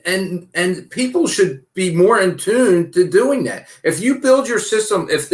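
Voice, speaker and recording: A man's voice: sits high, a bit bright. A man co-hosting a casual sports podcast, rambling and repeating words as he thinks. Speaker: podcast co-host. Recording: roomy echoey mic.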